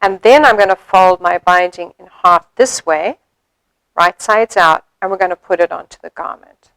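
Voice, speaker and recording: A woman demonstrating sewing steps in a chatty way, thinking aloud as she works and filling pauses with ums. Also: fairly low pitch, fairly bright tone, clear, resonant tone, dry recording, low-quality recording. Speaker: sewing instructor.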